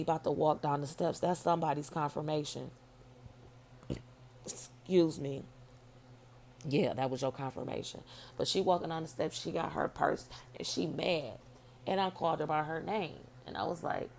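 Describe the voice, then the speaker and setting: A middle-aged woman telling a dream story in a blunt, profane, animated way. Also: low voice, measured pace, vocal fry, long pauses, slight background noise. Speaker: vlogger telling her dream. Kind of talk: casual storytelling.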